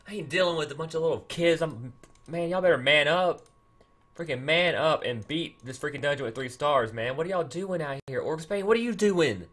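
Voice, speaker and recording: A young man doing excited let's-play commentary, pleading with and scolding his game units. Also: fairly high pitch, brisk. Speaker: gaming channel host.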